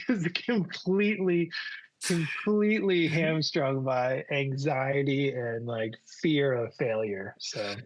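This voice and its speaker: A man, a guest photographer, telling a story in a casual, animated way and laughing as he goes. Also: mid-range voice, takes it slowly, muffled recording.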